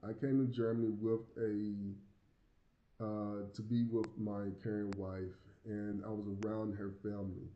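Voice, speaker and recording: A man's voice: on the low side, little pitch movement, unhurried, echoey room, lo-fi sound. An American man with a Southern accent and a slight lisp, talking casually to the camera in a rambling way, often repeating words and chuckling. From United States. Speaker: vlogger living abroad.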